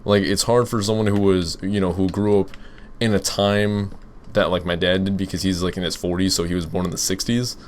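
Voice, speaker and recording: A young man with a slightly low voice chats casually through a gaming Q and A, rambling and restarting his sentences. A faint steady hum sits under his home mic recording. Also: brisk. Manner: rambling, full of fillers and restarts. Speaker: gaming YouTuber. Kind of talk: casual Let's Play commentary with Q and A.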